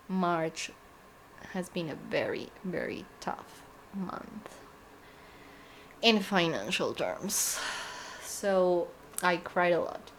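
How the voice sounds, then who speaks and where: A young woman answering fan questions in a casual vlog, sleepy and yawning, slipping into soft whispers and laughing often. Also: fairly low pitch, creaky, slight background noise.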